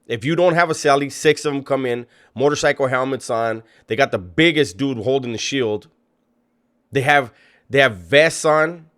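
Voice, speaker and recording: A man's voice: medium pitch, a bit bright. Mocking male reaction commentator. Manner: mocking, incredulous, swears freely.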